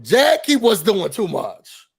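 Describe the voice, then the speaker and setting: High-voiced man, nasal from a cold. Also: slow pace, vocal fry, slightly rough. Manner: animated, acts out quotes with big shouts. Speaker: podcast co-host. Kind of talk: casual recap chat.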